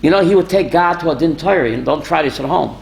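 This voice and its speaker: A man, a rabbi, telling stories in a lively talk and quizzing his listeners. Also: a little high, quick pace, vocal fry, slight background noise. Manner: animated, asks the audience questions. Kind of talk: storytelling Torah talk with audience.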